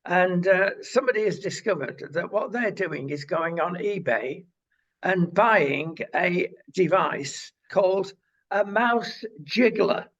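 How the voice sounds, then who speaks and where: Co-hosting a casual current-affairs chat, a man speaks slowly in a high-pitched, expressive, slightly bright voice. He's opinionated and rambling, with lots of uhs, and the recording has a dull lo-fi sound.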